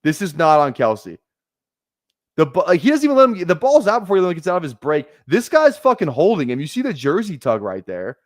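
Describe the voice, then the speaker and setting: A man's voice: fairly high pitch, wildly swooping pitch, a little fast, no room sound, studio quality. A man streaming a fantasy football draft, ranting heatedly at his chat with lots of swearing and repeated phrases. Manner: heated, profane, repeats himself. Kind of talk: ranting live stream commentary.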